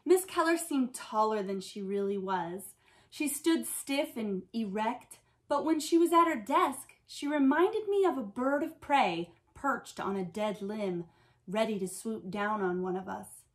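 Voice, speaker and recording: A woman's voice: fairly high pitch, expressive, unhurried. A woman teacher reading a picture book aloud to children, telling the story expressively.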